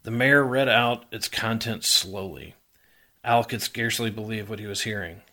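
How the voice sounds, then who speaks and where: A man reading a hard-boiled crime story aloud in an even, dry manner. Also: lowish voice, normal speed. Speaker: story reader.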